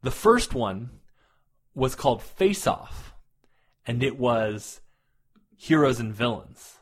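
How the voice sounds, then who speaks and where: A man's voice: mid-range voice, expressive, slow pace, slightly rough. A man co-hosting a podcast, chatting casually and rambling with fillers and restarts. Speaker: podcast co-host. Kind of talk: casual chat.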